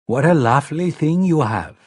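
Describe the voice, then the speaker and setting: A dreamy, entranced older diplomat with a faint Scandinavian lilt, as a male audiobook narrator puts him on. He drifts through his words slowly, with an oddly candid calm. The voice is slightly husky and recorded close and dry. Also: on the high side, no room sound, voice pushed up. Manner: slow, spellbound, oddly candid. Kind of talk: audiobook character voice.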